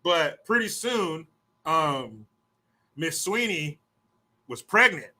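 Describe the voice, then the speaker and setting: A man rambles through a story on his podcast, swearing freely and drifting off track. His voice sits a bit high and rings bright and forceful. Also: sing-song. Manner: rambling, swears often, puts on quick mocking voices. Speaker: podcast host. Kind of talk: profane casual storytelling.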